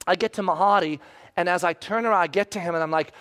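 A man with a fairly high voice tells a story to a room. He is animated and acts out the voices in it. At the tense moments he drops to a hush. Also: fast. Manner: animated, acts out voices, swings from loud excitement to hushed. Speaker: speaker telling a personal story. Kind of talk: storytelling talk to an audience.

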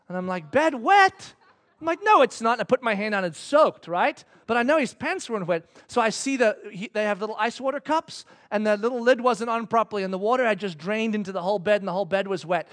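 A male pastor preaching a sermon that starts as a comic story, acting out the voices in it and then dropping to a hushed, intense delivery. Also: high voice. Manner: animated, acts out voices, drops to hushed intensity.

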